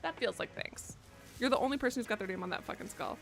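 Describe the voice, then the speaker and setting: A woman's voice: on the high side, fast, creaky, soft background music. A young woman streaming from her bedroom, rambling, joking and swearing a lot as she chats. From United States. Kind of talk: casual live-stream chat.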